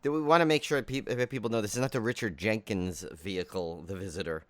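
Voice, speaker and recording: A man co-hosting a horror movie podcast, chatting casually and jokingly with lively energy. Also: lowish voice, dry recording. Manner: animated, quick to joke. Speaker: podcast co-host. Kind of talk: casual chat.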